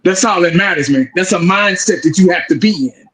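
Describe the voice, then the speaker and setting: Male sports host, high-pitched, casual and profane, hammering his points home. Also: brisk, a bit bright, poor audio. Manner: profane, emphatic, repeats 'man' often.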